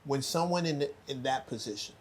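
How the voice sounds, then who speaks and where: A man co-hosting a podcast, putting a thoughtful question to a guest and letting his voice trail off softly. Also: medium pitch, brisk, a little hiss or hum. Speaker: co-host. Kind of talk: podcast discussion.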